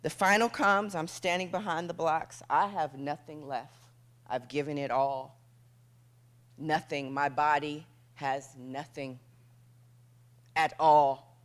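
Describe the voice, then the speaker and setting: A woman giving a motivational keynote speech on stage, telling a dramatic story in short punchy phrases and dropping to a hush at tense moments. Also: deep voice, steady tone, takes it slowly, long pauses. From United States. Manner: acts out quoted voices, drops to a hush for tense moments. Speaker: motivational speaker. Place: event stage before an audience.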